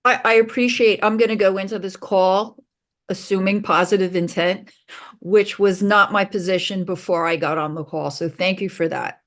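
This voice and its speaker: A woman taking part in a webinar, replying with soft-spoken thanks. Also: medium pitch, fairly even intonation, moderate pace. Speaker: webinar participant.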